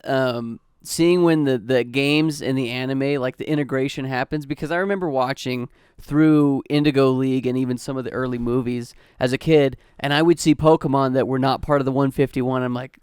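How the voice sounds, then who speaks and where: A man co-hosting a podcast, rambling excitedly in casual chat. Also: mid-range voice, a little fast, hardly any pauses, smooth, no echo, clean studio sound.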